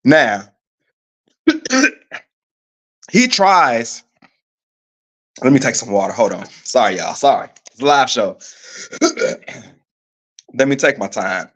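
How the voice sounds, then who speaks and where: A man's voice: mid-range voice, lively intonation, slow, long pauses. Chatty man hosting a live sports show. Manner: chatty, asks viewers for opinions, frequent ums. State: coughing, slightly rough throat. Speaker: podcast host. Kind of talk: casual live-show commentary. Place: staying abroad in Paris.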